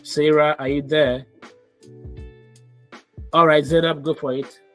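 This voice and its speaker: A man's voice: on the high side, level tone, slow pace, faint music behind. A man teaching business analysis in a live online class over a video call, calling students by name and coaxing them to speak. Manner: coaxing, repeats names and prompts.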